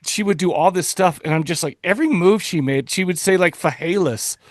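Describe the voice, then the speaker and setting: A man co-hosts a casual podcast, chiming in with slangy reactions and frequent laughter. His voice sits fairly high, and the recording is dry with no room sound. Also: quick pace, dry recording. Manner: slangy, laughs along often. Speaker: podcast co-host.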